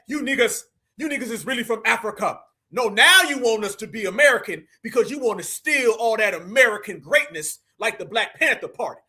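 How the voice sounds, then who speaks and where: High-pitched animated male streamer. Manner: animated, preachy, slangy, addresses viewers as family. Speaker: livestream commentator. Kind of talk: reactive live commentary.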